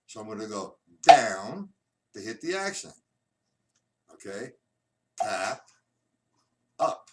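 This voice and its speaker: A man's voice: fairly low pitch, big pitch swings. A man teaching a live-streamed drum lesson, patiently counting beats aloud and explaining each exercise. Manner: slow, patient counting aloud, demonstrating rhythms. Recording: distant mic with loud noise.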